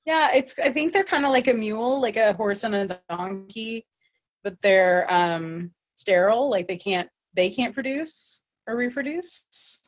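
Woman, casual recap co-host, slightly high pitch, chatty, acts out quotes. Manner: chatty, quotes characters in quick asides. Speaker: podcast co-host. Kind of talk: casual chat recapping a TV episode.

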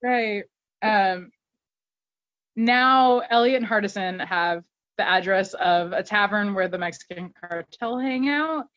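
A woman's voice: medium pitch, a little slow, no room sound, dull audio. A woman co-hosting a podcast, chatting casually and animatedly as she recaps a TV episode with laughter. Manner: animated, laughing, acts out quotes. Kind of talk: casual chat.

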